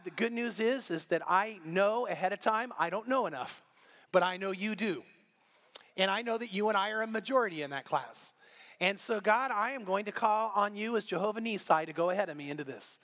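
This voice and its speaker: Casting: middle-aged male pastor, higher voice, animated sermon storytelling.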